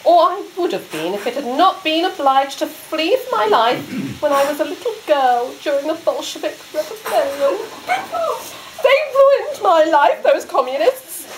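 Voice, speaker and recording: A woman's voice: sits high, sing-song, a little slow, a little hiss or hum, rough recording. Woman playing a haughty exiled countess. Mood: indignant. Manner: grand, theatrical, dramatic outbursts. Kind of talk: amateur murder-mystery party role-play.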